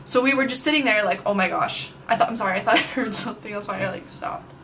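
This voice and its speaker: A young adult woman telling a story on her vlog, chatty and animated, with plenty of filler words. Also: medium pitch, fast talker, slight background noise. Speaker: vlogger. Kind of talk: casual storytime.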